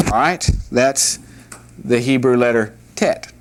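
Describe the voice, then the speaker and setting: Guy teaching a class at the board, talks real slow, patient, cracks small jokes. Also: medium pitch, a little hiss or hum. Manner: patient, repeats each letter slowly for practice; plain-spoken, with light jokes. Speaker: Hebrew teacher. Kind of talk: classroom lesson at a whiteboard.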